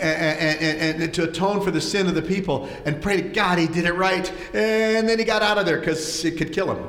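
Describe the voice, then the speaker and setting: A man preaching a sermon, telling stories with animation and acting out voices, often repeating words as he goes. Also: medium pitch. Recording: echoey hall.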